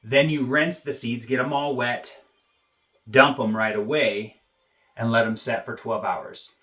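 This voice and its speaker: A man's voice: mid-range voice, a bit bright, reverberant. A man vlogging about off-grid life, explaining things to the camera in a plainspoken, easygoing way with many "uh" fillers. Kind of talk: casual how-to explanation to camera.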